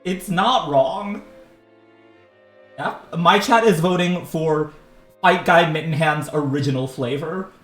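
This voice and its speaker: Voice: medium pitch, slow pace, long pauses, echoey room, soft background music. A voice actor chatting on a game stream, joking and reading out comments from chat. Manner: reads out chat comments, jokey. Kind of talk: casual chat.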